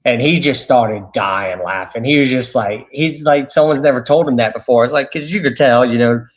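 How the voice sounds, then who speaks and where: Man, radio host as guest, animated storyteller, fillers and restarts, mid pitch, lo-fi sound. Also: normal speed. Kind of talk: casual storytelling interview.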